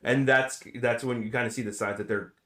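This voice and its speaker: A man casually retelling a film's plot on a podcast, animated and joking. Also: medium pitch. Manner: animated retelling, quick jokes. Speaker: podcast host. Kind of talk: casual movie discussion.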